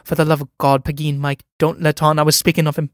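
Nervous, awkward young suitor, voiced by a male reader; hesitant and uneasy, fairly high. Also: steady tone, a little fast, clear, resonant tone, no echo, studio quality, lightly acted. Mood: timid. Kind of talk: dramatic play reading.

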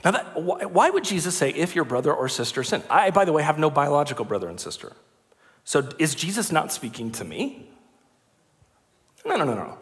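A pastor with a somewhat high voice preaches a sermon a little fast in a church sanctuary, where the large hall adds long reverb. His preaching is lively, conversational, and full of jokes.

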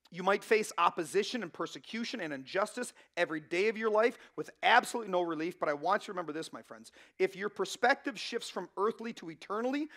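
A man's voice: high voice, bright, forceful tone. A man in his thirties preaching a sermon as pastor, in a conversational way with frequent asides to the room. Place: church.

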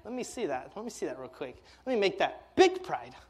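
Man voicing a sly, hushed devil. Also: high-pitched, very animated, brisk, breathy edge, voice pushed down, exaggerated voice. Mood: sly coaxing. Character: sly tempting devil, male, coaxing.

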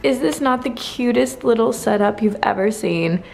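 A woman's voice: fairly high pitch, normal speed, vocal fry, a little mellow. A young woman in her twenties chatting casually to her camera at home, giggly and self-mocking. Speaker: vlogger. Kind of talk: casual vlog chat to camera. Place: home kitchen and small room, indoors. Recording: noisy home camera audio.

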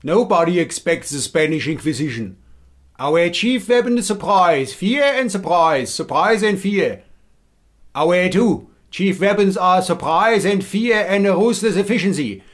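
A man with a Hessian German accent playing a pompous, bumbling male inquisitor who declaims loudly and trips over his own lines. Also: sits high, animated, measured pace.

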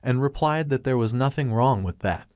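A man giving a scripted, even third-person narration of a comic story. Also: medium pitch, moderate pace, no echo, studio quality. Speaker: recap narrator.

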